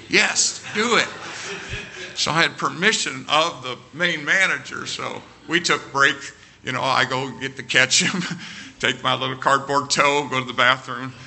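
A man telling an animated story with quoted dialogue during a sermon. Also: medium pitch, vocal fry, a little hiss or hum.

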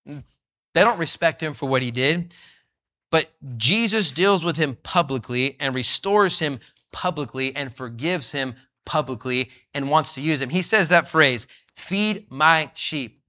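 A man preaching a sermon in a fervent way, reading scripture slowly and rising toward near-shouts. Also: a little high. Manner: reads scripture in old-fashioned wording, slowing for emphasis.

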